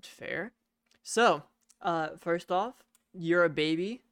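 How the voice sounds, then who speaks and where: A man's voice: on the high side, slow, fairly bright tone, clean tone, no room sound, clean studio sound. A young man co-hosting a podcast, chatting casually with blunt teasing and easy swearing. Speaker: podcast co-host. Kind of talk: casual chat.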